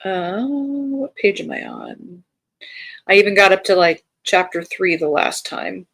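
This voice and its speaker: A chatty woman with an American accent hosts a live reading stream and reads out viewer comments. Her voice sits at a middling pitch. The sound is close and dry, with no room in it. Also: very animated, unhurried, gravelly, no room sound. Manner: chatty, friendly, reads chat aloud with bright lifts. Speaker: livestream host of a reading sprint. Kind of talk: casual livestream chat, reading out viewer comments.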